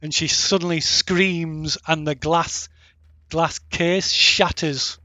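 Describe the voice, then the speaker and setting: A man narrating as game master, halting and restarting with many fillers. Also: on the high side, steady tone, pushed and bright, dry recording.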